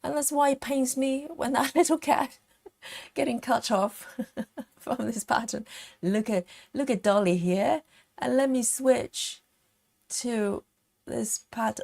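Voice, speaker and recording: Slow, gravelly-voiced woman stitching live. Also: fairly high pitch, darkish tone. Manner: chatty, giggly, reads out viewer comments. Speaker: cross-stitch live streamer. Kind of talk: casual chat while stitching on a live stream.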